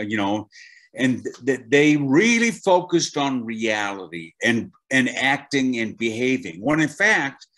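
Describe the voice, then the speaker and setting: An older man, a voice acting teacher, talking animatedly as an interview guest, with frequent restarts. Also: mid-range voice. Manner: animated storyteller, many restarts. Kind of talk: conversational interview.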